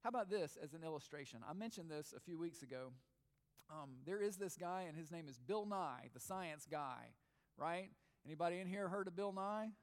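A man's voice: on the high side, lively intonation, moderate pace. A man preaching a sermon as pastor, pressing his listeners with repeated questions and emphatic points. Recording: long hall reverb.

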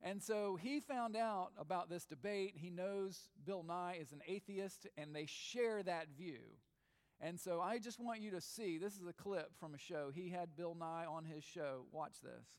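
High-voiced preacher in a reverberant hall. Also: male voice, unhurried, clean tone. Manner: questioning, emphatic preaching. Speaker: pastor. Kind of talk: sermon.

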